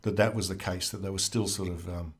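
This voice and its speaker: A man's voice: low-pitched, fairly even intonation, quick pace, a bit bright, breathy edge. A man, a podcast guest, explaining things in a casual conversational way, wry and lightly humorous, with occasional restarts.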